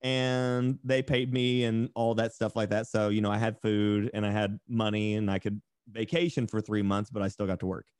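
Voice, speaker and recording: A man's voice: fairly low pitch, level tone, moderate pace, few pauses, a little mellow, smooth, no room sound, studio quality. A young man from East Tennessee with a mild Southern accent, a podcast guest telling stories in a chatty, sarcastic way. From East Tennessee, USA. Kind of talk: casual podcast chat.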